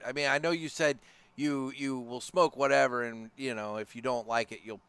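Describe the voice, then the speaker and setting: A man co-hosting a podcast, talking in a relaxed, rambling way while he asks questions and reviews a cigar. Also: mid-range voice, normal speed, smooth, no room sound. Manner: relaxed, rambling, with filler and restarts. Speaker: podcast co-host. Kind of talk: casual podcast chat. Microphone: studio podcast mic.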